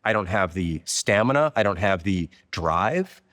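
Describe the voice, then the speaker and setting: A man's voice: low-pitched, expressive, unhurried, fairly bright tone, dry recording, studio quality, in a large hall. A middle-aged man speaking as an interview guest, reflective and candid in a casual conversation. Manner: reflective, candid, affirming with short yeses. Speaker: guest, software company founder.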